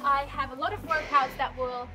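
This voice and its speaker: A fitness trainer from Russia speaking English with a Russian accent, chatting in a relaxed way during a workout and laughing easily. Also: female voice, sits high, moderate pace, soft background music. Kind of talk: casual chat during a workout.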